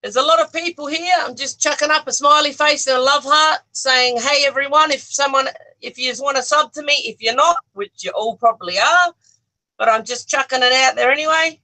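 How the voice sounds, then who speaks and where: Speaking quickly in a high, sharp voice, an Australian livestream co-host holds a phone on a selfie stick in their own bedroom, giggly and chatty while addressing viewers and chat directly. The audio quality is poor.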